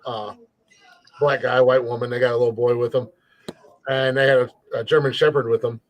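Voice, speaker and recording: A man's voice: mid-range voice, flat delivery, brisk, rough recording. A man hosting a podcast, talking in a rambling, profane, folksy way about being a country guy. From rural countryside. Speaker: podcast host. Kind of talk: casual podcast chat.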